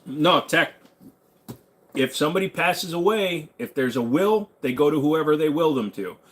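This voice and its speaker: A man hosting a casual livestream, reading viewer questions aloud and answering them in a relaxed, rambling, joking way. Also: fairly high pitch, moderate pace. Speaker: livestream host answering chat.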